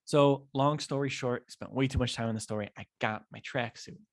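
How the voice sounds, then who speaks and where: A man's voice: medium pitch, fairly even intonation, normal speed. A young man hosting a podcast alone, telling a frustrating shopping story and acting out both sides of the talk. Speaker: podcast host. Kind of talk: solo storytelling chat.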